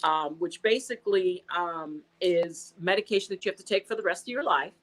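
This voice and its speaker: A woman's voice: lowish voice, fairly quick, poor audio. American woman telling her story. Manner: animated, acts out quoted dialogue. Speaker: guest. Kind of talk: casual interview storytelling.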